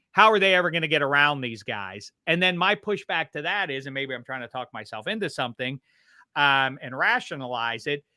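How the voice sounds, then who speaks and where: A man from the Pittsburgh area, a guest on a football podcast, talking in a rambling, animated way about teams and accents. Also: on the high side, no echo, clean studio sound. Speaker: guest commentator. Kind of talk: casual podcast chat.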